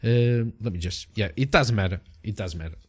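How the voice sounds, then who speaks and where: A man's voice: lowish voice, fairly quick, darkish tone, breathy edge. A man hosting a solo tabletop game, narrating the story and musing aloud as he checks tables and rolls dice. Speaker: host and solo game player.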